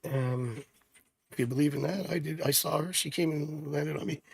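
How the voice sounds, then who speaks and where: A man's voice: fairly high pitch, normal speed, gravelly. A middle-aged man hosting a live tarot stream, chatting casually and drifting off into rambling personal stories. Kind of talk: casual livestream chat.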